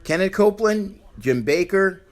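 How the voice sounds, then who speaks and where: A man's voice: sits high, lively intonation, moderate pace. A man hosting a podcast, delivering an angry, profane, blunt rant. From Arizona, US. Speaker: podcast host. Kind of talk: ranting monologue.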